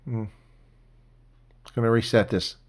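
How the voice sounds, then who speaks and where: Guy doing a laid back rugby watch-along stream, mid pitched voice, gets loud on big plays. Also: steady tone, takes it slowly. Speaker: live stream commentator. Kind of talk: live reaction commentary.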